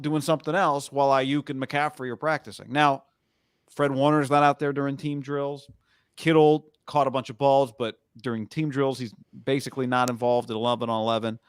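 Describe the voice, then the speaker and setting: A man co-hosting a sports podcast, talking in a measured, conversational way as he thinks aloud. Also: mid-range voice, smooth, no echo, clean studio sound. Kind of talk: casual sports talk.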